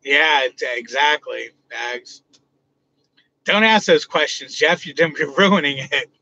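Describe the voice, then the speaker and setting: Dude livestreaming from his truck, loose and jokey, bright kinda high voice, dull lo-fi audio. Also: slow pace. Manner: loose, joking, talks back to chat. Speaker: livestream host. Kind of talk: casual live chat.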